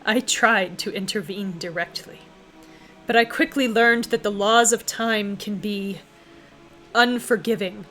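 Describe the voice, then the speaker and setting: A woman's voice: mid-range voice, a little slow, fairly bright tone, soft background music, natural voice, rough recording. A woman voicing a grave, sorrowful immortal being. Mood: solemn. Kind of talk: visual novel line reading.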